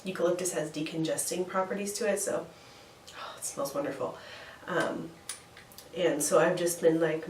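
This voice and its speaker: Congested woman vlogging with a low voice. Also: darkish tone, slight background noise. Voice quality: nasal. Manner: chatty, with fillers and laughs. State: congested head cold. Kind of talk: casual vlog. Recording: echoey room, voice from far off, faint ambience.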